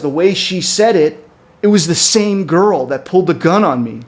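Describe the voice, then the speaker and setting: A man telling a story on a podcast, his voice a little high for a man. He talks in a loose, profane, rambling way, full of fillers and restarts. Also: normal speed. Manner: animated, jumps up in pitch when quoting people. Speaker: podcast co-host. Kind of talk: casual storytelling chat.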